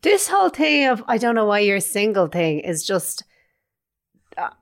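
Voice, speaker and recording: A woman's voice: mid-range voice, sing-song, unhurried. A woman co-hosting a casual chat podcast, blunt and exasperated. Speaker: podcast co-host.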